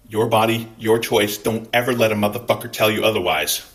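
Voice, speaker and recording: A man's voice: fairly low pitch, a little fast, fairly bright tone, a little hiss or hum. A Scottish man hosting his own channel, talking bluntly in an angry vlog rant full of swearing. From Scotland. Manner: blunt, heavy swearing, fired up. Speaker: channel host.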